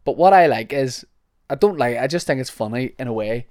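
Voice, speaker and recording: Young Northern Irish man, podcast host, rambly jokey chat, smooth voice, dry close sound. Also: medium pitch, lively intonation, brisk, darkish tone, no room sound. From Northern Ireland. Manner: rambling and jokey, lots of restarts. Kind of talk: casual chat.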